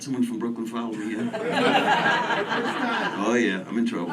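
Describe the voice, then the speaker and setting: A man's voice: fairly low pitch, very animated, normal speed, pauses often. A man with a New York accent doing stand-up, brashly teasing people in the audience. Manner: brash, teasing, riffs with the crowd. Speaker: stand-up comedian. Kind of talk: stand-up crowd work. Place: comedy club. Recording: live club set, far mic, loud crowd.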